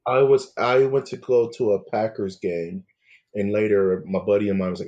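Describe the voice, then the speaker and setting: Man, podcast host, husky voice, lowish pitch, casual jokey chat, laid-back. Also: steady tone, normal speed, a little mellow, lo-fi sound.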